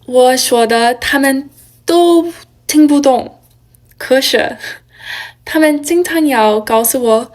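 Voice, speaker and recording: A woman whose first language is English, speaking slowly and carefully as a learner in a casual vlog. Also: high voice, darkish tone.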